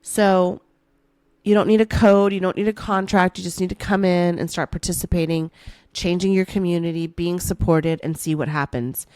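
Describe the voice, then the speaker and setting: A woman's voice: fairly low pitch, steady tone, normal speed, darkish tone, no room sound. Playful, hyped woman coaching on a podcast. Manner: playful, hyped coaching, calls listener baby. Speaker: manifestation coach and podcast host. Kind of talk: motivational podcast monologue.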